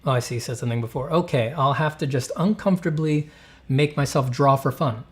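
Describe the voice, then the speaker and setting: A man's voice: mid-range voice, fairly quick. A man hosting a casual art chat, rambling, with many fillers and restarts. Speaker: artist and channel host.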